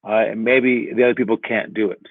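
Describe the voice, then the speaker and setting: A man's voice: on the low side, fairly even intonation, fast, dry recording. A man giving a casual motivational talk as a coach, rambling and asking "all right?" again and again. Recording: tinny phone-like audio.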